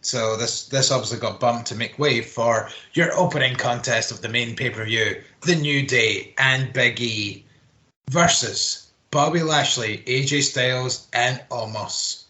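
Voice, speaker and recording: A man with a bright, forward voice talks through a wrestling match play by play. He rambles, swears casually and fills pauses with ums and uhs, like a relaxed podcast co-host. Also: medium pitch. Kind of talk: casual wrestling recap chat.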